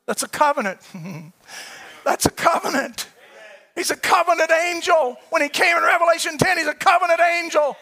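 A man's voice: extremely high pitch, animated, moderate pace, bright, forceful tone. A man preaching a sermon, impassioned and repeating his phrases as he builds.

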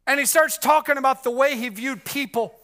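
A man preaching a sermon with passion, repeating himself and restarting often, moving between loud cries and hushed murmurs. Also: extremely high pitch, brisk. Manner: repetitive, restarts with many fillers.

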